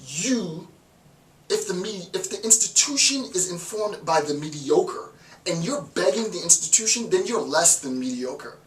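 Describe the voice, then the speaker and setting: A male professor giving an emphatic, animated philosophy lecture, repeating lines for effect. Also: a little high. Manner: emphatic, repetitive, animated, with laughs. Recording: roomy, distant mic, faint noise.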